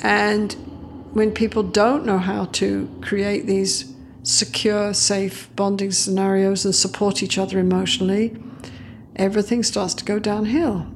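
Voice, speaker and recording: A woman psychologist, a guest on an interview, explaining her ideas through lively stories and acting out the voices of the people she describes, often with a laugh. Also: mid-range voice, a little slow, slight background noise. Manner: expressive, acts out voices in anecdotes. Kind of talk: interview storytelling.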